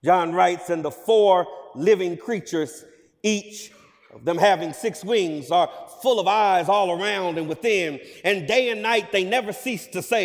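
Man preaching a sermon, high voice, emphatic, loud peaks, long reverb of a hall. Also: a little slow. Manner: emphatic, rising to loud declarations.

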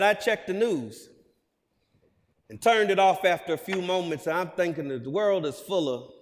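Man preaching a sermon, high voice, emphatic, loud peaks, long reverb of a hall. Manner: emphatic, rising to loud declarations.

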